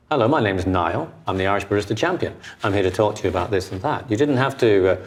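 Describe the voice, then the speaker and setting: A man coaching a speaker one-on-one, giving calm, encouraging instructions. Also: on the low side, quick pace, hardly any pauses, slight background noise. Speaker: presentation coach.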